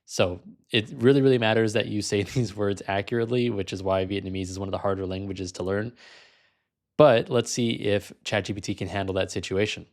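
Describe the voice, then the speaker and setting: A man's voice: fairly low pitch, steady tone, a little fast. A man hosting a language-learning video, talking casually and frankly, sometimes amused. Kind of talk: casual vlog commentary.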